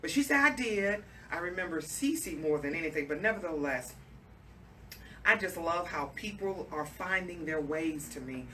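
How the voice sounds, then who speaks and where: A woman's voice: deep voice, expressive, moderate pace, sharp tone. A woman hosting a radio talk show, effusive and emotional, speaking straight to her audience. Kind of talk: interview chat. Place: radio studio. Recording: distant mic with clear background noise.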